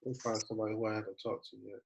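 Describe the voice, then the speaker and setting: A man's voice: on the low side, completely flat delivery, very fast, vocal fry, a little hiss or hum, poor audio. A man working as a travel agent, giving a casual online training, thinking aloud as he clicks through pages. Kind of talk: screen-share training walkthrough.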